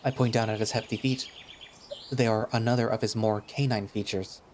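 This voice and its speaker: A man's voice: lowish voice, fairly even intonation, normal speed, darkish tone, slight background noise. A man narrating a visual novel in the first person, in a casual, chatty way that turns hesitant in dialogue.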